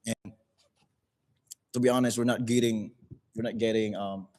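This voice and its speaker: A man's voice: lowish voice, fairly even intonation, moderate pace, darkish tone. A man with a Filipino accent, speaking frankly and with feeling in a casual livestream chat, often repeating words. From Philippines. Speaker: music group member on a livestream.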